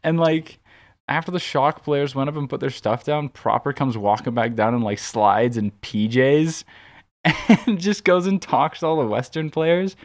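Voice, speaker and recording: A man's voice: medium pitch, measured pace. A man co-hosting a podcast, telling a long anecdote in a casual, rambling way full of "like" and restarts. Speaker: podcast co-host. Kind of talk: casual storytelling chat.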